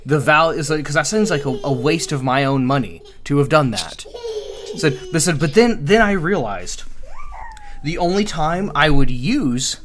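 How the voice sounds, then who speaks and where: A man's voice: a little high, lively intonation, moderate pace, slight background noise. A man co-hosting a casual book-club podcast, rambling with many fillers and restarts. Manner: rambling, many fillers, acts out character dialogue. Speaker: podcast co-host.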